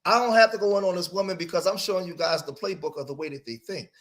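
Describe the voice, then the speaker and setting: A man's voice: high-pitched, fast talker, fairly bright tone. A man hosting a reaction commentary show, talking emphatically and rhetorically and often checking in with his listeners. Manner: emphatic, rhetorical, keeps asking "right?". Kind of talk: reaction commentary on played clips.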